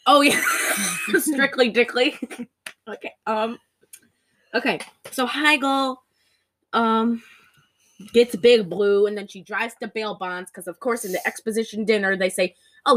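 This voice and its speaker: Woman co-host with a slightly high voice, casual and animated, breaks into exclamations and acted-out lines. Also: unhurried. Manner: animated, exclaims and acts out lines with big pitch jumps. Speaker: podcast co-host. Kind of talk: casual chat recapping a movie.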